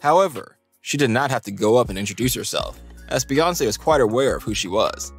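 A man reading a scripted countdown narration in an even, steady delivery. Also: medium pitch, a little fast, slightly rough, faint music behind.

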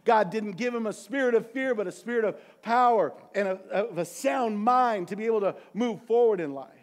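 A man preaching a sermon as pastor, passionate, swinging from quiet, quick asides to loud, drawn-out peaks. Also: sits high. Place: church sanctuary.

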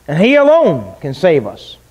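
Pastor, male, high voice, emphatic sermon delivery with rhetorical questions. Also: wildly swooping pitch, unhurried, a little mellow, breathy edge, dull audio.

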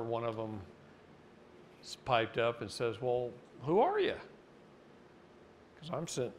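A middle-aged man from Oregon giving a live seminar talk, telling stories in a folksy, animated way. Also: lowish voice, a little hiss or hum. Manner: folksy, animated, mocking voices in anecdotes. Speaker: seminar speaker. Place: seminar room.

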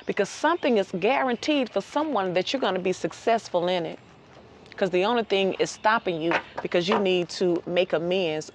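A woman giving a casual outdoor tarot reading, lively and chatty, laughing often and repeating phrases for emphasis. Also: medium pitch, slight background noise. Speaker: tarot reader.

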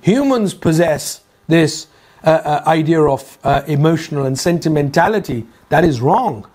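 A man's voice: on the high side, animated, normal speed, darkish tone, slightly rough. A man teaching a Quran lesson, telling the story with rhetorical questions, asides and hesitant repeated fillers. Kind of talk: religious lecture.

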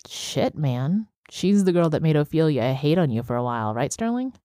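A woman voicing an excitable young man in an audiobook, with a raised, quick, incredulous delivery. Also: low voice, dry recording, studio quality.

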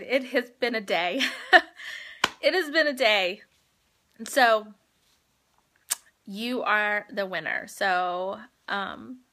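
A woman's voice: medium pitch, drawn-out words, long pauses, pushed and bright. A woman hosting a live phone stream, chatting heartfelt and rambling with viewers as she announces giveaway winners. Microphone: phone livestream.

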